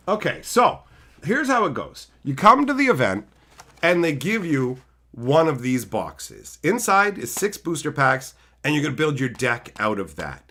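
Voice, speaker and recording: A man telling a story in a casual vlog, animated and profane, often exclaiming and cursing. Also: on the high side, measured pace. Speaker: card game streamer.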